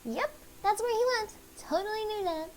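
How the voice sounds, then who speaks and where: A woman voicing a bubbly, excitable young girl who talks in a gushing, theatrical way while reading a game aloud. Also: very high voice, normal speed, voice pushed up, low-quality recording. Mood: chirpy.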